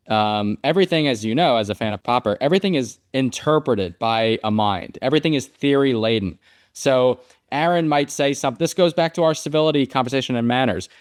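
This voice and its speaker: Male guest author, mid voice, dry close sound, measured and argumentative. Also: mid-range voice, no echo. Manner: thoughtful, argumentative. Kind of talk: casual conversation.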